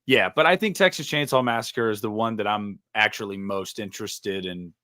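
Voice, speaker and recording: A man's voice: fairly low pitch, normal speed, dry recording, clean studio sound. A man co-hosting a horror podcast, chatting casually with many fillers. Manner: relaxed, talks with many fillers. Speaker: podcast co-host.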